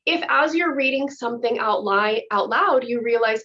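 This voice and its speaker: A woman's voice: high voice, expressive, moderate pace, few pauses, a bit bright. A woman acting teacher giving a chatty, enthusiastic workshop explanation. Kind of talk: workshop instruction. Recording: dull lo-fi audio.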